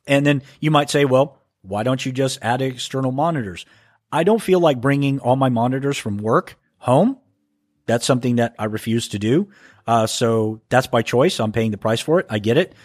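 A man's voice: mid-range voice, moderate pace, dry recording, clean studio sound. A man hosting a podcast, reading listener mail aloud and commenting on it in a casual monologue. He often stumbles and restarts when he reads. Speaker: podcast host. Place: home.

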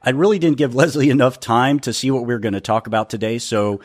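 A man's voice: mid-range voice, fast. A man hosting a casual podcast, rambling and stammering, often laughing at himself. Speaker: podcast host.

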